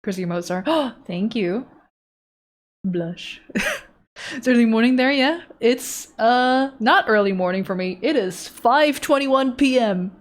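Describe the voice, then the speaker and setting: A woman's voice: a little high, lively intonation, slow pace. A woman from Europe streaming live as an artist, reading chat aloud and joking with her viewers in a teasing, playful way. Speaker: art streamer. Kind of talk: casual live-stream chat while drawing.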